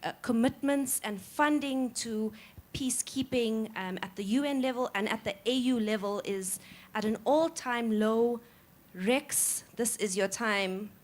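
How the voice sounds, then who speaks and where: A woman moderating a panel, closing it with measured, filler-laden remarks. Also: mid-range voice.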